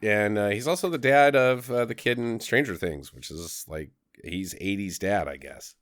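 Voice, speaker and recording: A man co-hosting a casual movie review podcast, his voice smooth and resonant with a lot of rise and fall. He talks loosely, full of fillers and restarts, in a dry, close sound. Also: on the low side, normal speed, dry recording. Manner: animated, rambling with fillers. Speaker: podcast co-host.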